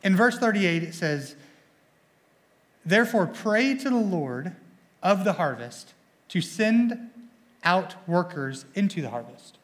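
A young man preaching a sermon as a student pastor in a church, energetic and excitable, often stumbling and repeating words as he speaks. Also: high-pitched, slow, pauses often.

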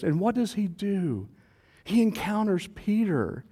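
A male pastor preaching a sermon in a church service, animated and conversational, quizzing his congregation and joking with them. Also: high voice, unhurried, breathy edge.

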